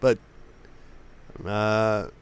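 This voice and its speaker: A man's voice: lowish voice, flat delivery, extremely slow, smooth, no echo. A man from Oakland hosting a live painting stream, a few drinks in, rambling and stumbling over his words. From Oakland, California. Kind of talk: casual live-stream chat.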